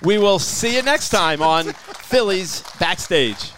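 A male host with a high voice, talking casually at a live show. He rambles through stories with plenty of fillers. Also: animated, slow, fairly bright tone, slight background noise. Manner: chatty storyteller with fillers.

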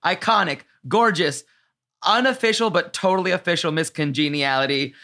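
American male podcast host, high and bright, crude jokey banter. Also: animated. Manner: bubbly, joking and crude, quick to laugh. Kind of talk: casual podcast chat.

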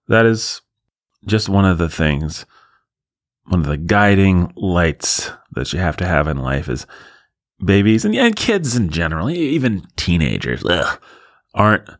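A man's voice: fairly low pitch, no room sound. A man hosting a podcast alone in a studio, riffing in a sarcastic, self-deprecating, rambling way. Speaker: podcast host.

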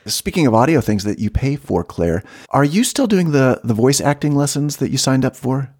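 A man with a mid-pitched voice co-hosting a comedy podcast. His delivery is dry and mock-serious as he builds absurd bits with his partner. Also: expressive, moderate pace, darkish tone, husky. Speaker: podcast co-host. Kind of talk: comedic improvised podcast banter.

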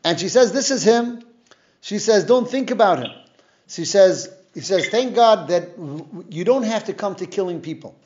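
A man's voice: high-pitched, lively intonation, moderate pace, darkish tone, lo-fi sound. A man teaching a casual Torah class, retelling the story in plain conversational speech and explaining the Hebrew terms he uses. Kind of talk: casual Bible lesson, retelling and explaining verses.

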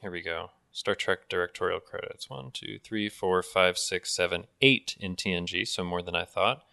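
A man co-hosting a casual podcast, chatting quickly and reading listener feedback aloud. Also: deep voice, vocal fry, sharp tone, dry recording, studio quality. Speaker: podcast co-host.

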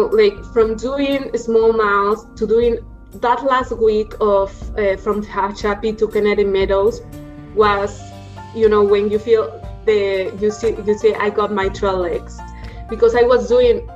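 Woman, guest; thoughtful and searching, mid pitch, dull lo-fi line. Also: fairly even intonation, a little slow, faint music behind. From Mexico. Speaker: podcast guest. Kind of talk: casual interview.

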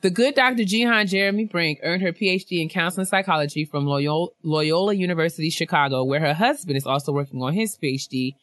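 Bright, lively woman reading listener shout-outs. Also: quick pace, hardly any pauses, no room sound. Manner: animated and laughing, big pitch jumps when excited. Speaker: podcast co-host. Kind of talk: casual podcast chat, reading listener emails.

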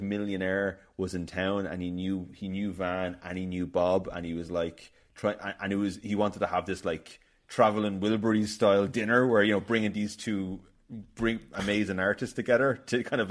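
A man's voice: on the low side, steady tone, normal speed. An Irish man hosting a casual film podcast, rambling and telling stories with lots of restarts. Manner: chatty, rambling, storytelling with many restarts. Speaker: podcast host.

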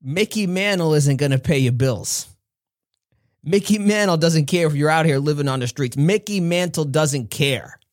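A man's voice: on the high side, normal speed, pitched below the performer's own voice, natural voice. A man voicing an older mafia boss who lectures a young man bluntly and in a fatherly way. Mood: stern.

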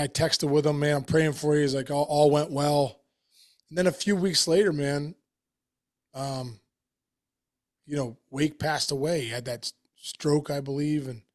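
A man co-hosting a sports podcast, speaking in a heartfelt, halting way with many restarts. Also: mid-range voice, no echo, clean studio sound. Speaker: podcast co-host. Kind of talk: casual chat.

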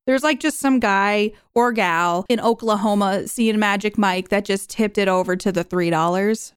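A woman's voice: medium pitch, normal speed, clear, resonant tone, no room sound, clean studio sound. A young woman hosting a podcast, chatting casually and rambling as she reviews a movie. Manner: chatty, rambling, self-questioning. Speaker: podcast host.

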